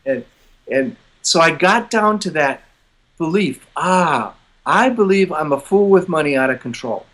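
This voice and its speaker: An older man being interviewed, telling his story in a relaxed, self-deprecating way with frequent chuckles. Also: on the high side, moderate pace. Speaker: interview guest, publisher.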